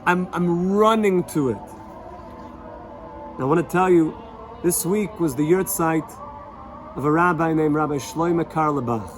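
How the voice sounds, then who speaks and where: Earnest rabbi, fairly high voice, music behind. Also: male voice, measured pace, long pauses. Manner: earnest, repetitive, sprinkles Yiddish and Hebrew words. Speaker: rabbi teaching a weekly Torah lesson. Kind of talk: storytelling Torah talk. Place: Jerusalem.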